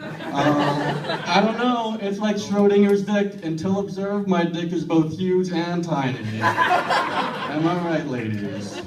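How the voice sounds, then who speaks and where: A man performing a stand-up comedy set with a deadpan, self-deprecating delivery, in a comedy club with a laughing audience. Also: on the high side, far from the mic, noisy background. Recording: roomy club, mic heard from afar, audience laughing.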